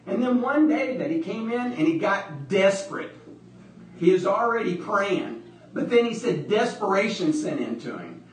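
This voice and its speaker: A male preacher with a high voice delivers a sermon and lets the congregation call back to him. He repeats his phrases as he goes. The recording is roomy and picks him up from some distance away. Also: very animated, moderate pace, a little hiss or hum. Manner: repetitive, with call-and-response from the congregation. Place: church hall, livestreamed service. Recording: echoey church from far off.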